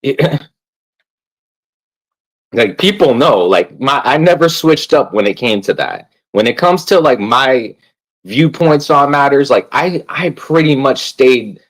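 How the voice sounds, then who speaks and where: A man with a mid-range, a bit bright voice rants casually while playing a game on a live stream, captured in a rough recording. He rambles, swears all the time, and uses "like" as filler.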